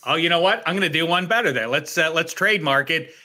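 A man co-hosting a casual sports chat, playful and joking, with sudden loud comic bits. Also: fairly high pitch, fast talker. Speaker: podcast co-host.

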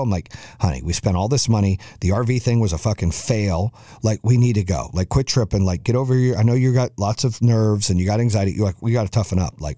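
A man's voice: on the low side, dark tone, dry recording, clean studio sound. A man hosting a podcast, telling a chaotic family travel story with lots of cursing and acted-out quotes. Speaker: podcast host. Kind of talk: storytelling monologue.

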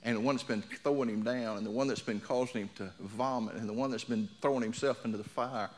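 A man's voice: medium pitch, fairly even intonation, quick pace. Emphatic preacher man. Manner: emphatic, exhorting, swings between quiet and loud. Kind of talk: sermon.

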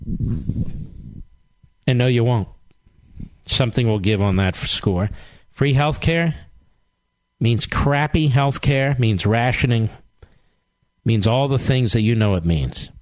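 A man hosting a talk show in a combative, sarcastic style, firing off rhetorical questions and hammering his points through repetition. His voice sits at an ordinary pitch, and the sound is close and dry, with no room around it. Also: lively intonation, slow pace, pauses often, no room sound. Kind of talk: political talk radio monologue.

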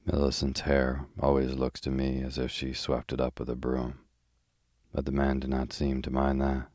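A man voicing a gentle, wry middle-aged doctor's wife in a sleepy bedtime audiobook reading. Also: rumbling low, completely flat delivery, normal speed, no room sound, studio quality.

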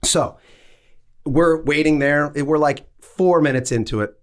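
A man's voice: on the high side, a little slow, clean tone. A man telling a story in casual podcast chat, swearing freely and acting out the dialogue. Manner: animated, profane, acts out dialogue. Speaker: podcast co-host.

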